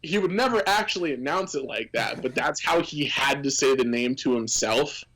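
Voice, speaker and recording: A man's voice: mid-range voice, normal speed, rough recording. Man telling rambling work stories. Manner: animated anecdotes with many fillers and restarts. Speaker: former team employee, guest. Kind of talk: casual storytelling on a podcast.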